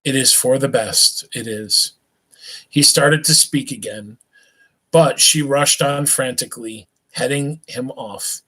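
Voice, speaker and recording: Over poor audio, a man reads a novel aloud on a live stream with a mid-range voice that is bright, forceful and slightly rough. His pace is unhurried, with occasional stumbles, restarts and little asides to listeners.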